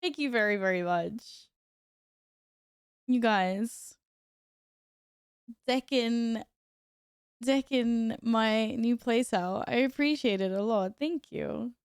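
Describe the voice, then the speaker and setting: A woman's voice: fairly high pitch, slow pace, pauses often, smooth, no echo, studio quality. A woman streamer chatting casually with her viewers while gaming at home, laughing often and reacting aloud.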